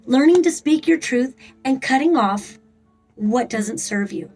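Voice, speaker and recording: Tarot reader, woman, a touch high, loose and rambling, swears bluntly. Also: expressive, unhurried, a little mellow, faint music behind, poor audio. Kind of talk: casual tarot reading.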